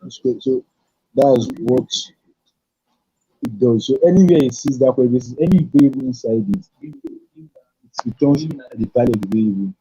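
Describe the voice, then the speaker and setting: Halting man teaching code, dark muffled voice. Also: medium pitch, expressive, husky. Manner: halting, thinks aloud while typing. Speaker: programming tutor. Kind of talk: live-streamed coding lesson. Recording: dull lo-fi stream audio.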